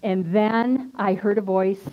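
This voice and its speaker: A woman's voice: medium pitch, expressive, moderate pace. Earnest woman minister giving testimony. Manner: earnest and conversational, emphatic repetition. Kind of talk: personal testimony sermon. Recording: dull lo-fi recording.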